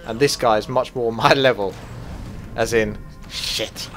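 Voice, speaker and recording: A man commentating his own strategy game as he plays it, swearing freely and flaring into loud rage before calming down again. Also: medium pitch, unhurried, soft background music. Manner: swears a lot, flares into loud rage then calms. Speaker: gaming commentator. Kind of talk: gameplay commentary.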